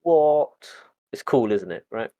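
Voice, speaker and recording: A man's voice: mid-range voice, animated, slow pace, dark tone. A man playing a tabletop game, casual and joking, swearing freely. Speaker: player.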